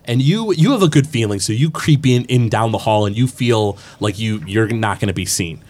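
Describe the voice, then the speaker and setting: A man narrating as the game master of a tabletop game. His pitch swings lively up and down, and he rambles through the scene with fillers and restarts. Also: normal speed.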